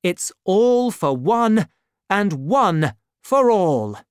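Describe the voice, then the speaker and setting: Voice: medium pitch, big pitch swings, slow, no echo, clean studio sound, voice pushed up. A reader voicing a brave young male swordsman in a storybook, with a raised, eager, heroic delivery. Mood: commanding. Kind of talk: storybook reading.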